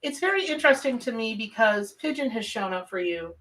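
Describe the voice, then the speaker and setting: A woman's voice: fairly high pitch, lively intonation, a little fast, fairly bright tone, distant mic, low-quality recording. A woman from the American South with a Southern accent, hosting a live tarot reading and chatting casually with viewers as she reads their comments. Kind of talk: live-stream chat and reading.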